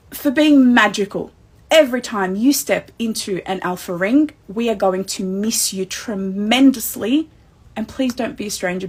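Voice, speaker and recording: A woman with an Australian accent hosting a wrestling recap livestream, excitable and emotional as she speaks straight to the fans. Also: medium pitch, slightly rough.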